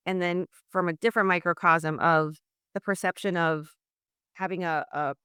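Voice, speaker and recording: A woman's voice: lowish voice, normal speed, smooth, dry recording, clean studio sound. A woman from New Orleans, a communication coach, explaining ideas in an interview over a video call and acting out quoted exchanges. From New Orleans, Louisiana, US South. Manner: explanatory, acts out quoted exchanges in lively voices. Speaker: leadership communication coach, guest. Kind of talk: conversational interview.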